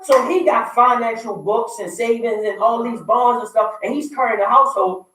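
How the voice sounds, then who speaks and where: 30s guy on a talk show, highish voice, really echoey room far from the mic, keeps hammering his point. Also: moderate pace, sharp tone. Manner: emphatic, repetitive, raises voice to make points. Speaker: radio show host. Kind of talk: opinionated relationship talk.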